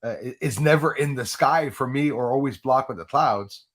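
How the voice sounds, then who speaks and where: Talking at a moderate pace in a mid-range voice, this livestream host rambles casually through his home setup's stream on a Yeti USB microphone. He frequently restarts sentences and laughs at his own jokes.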